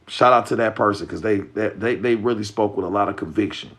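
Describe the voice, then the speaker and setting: A man's voice: on the low side, a little fast, a bit bright. Profane, emphatic man ranting on a stream. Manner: profane, street slang, emphatic. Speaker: livestream host. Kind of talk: casual live-stream rant.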